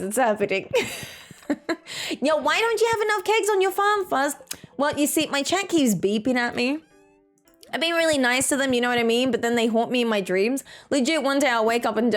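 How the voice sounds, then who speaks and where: A woman casually chatting as a game streamer, playful and teasing and quick to laugh. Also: a little high. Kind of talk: casual live-stream commentary.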